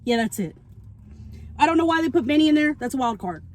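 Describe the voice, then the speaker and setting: A woman's voice: sits high, fast talker. A woman vlogging from her car, recapping a movie plot in casual, rambling talk and acting out the characters' lines as she eats. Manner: rambling, animated, acts out quotes. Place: in a parked car. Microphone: phone camera.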